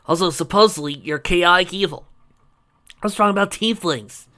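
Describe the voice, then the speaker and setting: A reader voicing a brash female barbarian in a fantasy tavern story, teasing and boisterous, with a rough put-on brogue. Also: medium pitch, lively intonation, fairly quick, bright, forceful tone.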